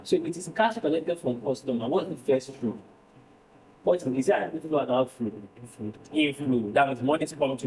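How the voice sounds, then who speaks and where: In a roomy, distant classroom recording, a male finance tutor lectures at medium pitch with a darkish tone. He repeats figures and quizzes his students as he goes.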